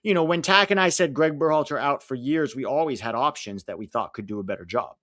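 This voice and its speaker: An American man chats casually as he hosts a live stream, rattling off lineups and answering viewers' messages. His voice sits at an ordinary middle pitch and is picked up dry and close, with no room sound around it. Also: fast, a bit bright, no room sound. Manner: chatty, reads out lineups and chat messages. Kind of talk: casual live watch-along chat.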